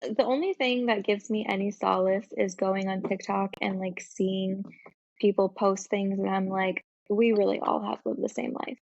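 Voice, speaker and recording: Gravelly woman on dull lo-fi audio. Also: medium pitch, fairly even intonation, moderate pace, a little mellow, no room sound. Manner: laid-back, hedging, agreeable. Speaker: podcast co-host. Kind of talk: casual rant chat. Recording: dull, dry lo-fi sound.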